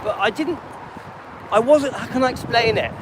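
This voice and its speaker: This livestream host, a man in his late fifties, has a very high-pitched voice and talks at normal speed over background noise. He wanders through casual chatter while out with his dog, addressing viewers by name.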